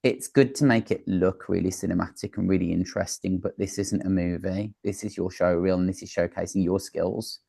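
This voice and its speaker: Male interview guest: earnest industry advice, slightly low voice, dry close sound. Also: fairly even intonation, brisk, gravelly, few pauses, warm tone, dry recording. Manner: earnest, advisory, with frequent fillers and restarts. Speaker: talent manager and producer, interview guest. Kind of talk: casual interview answers.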